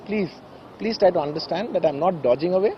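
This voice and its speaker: This man speaks at a press conference in a high-pitched, brisk voice with lively intonation. He delivers an emotional, earnest statement, insistently repeating phrases, and the audio is dull with slight background noise.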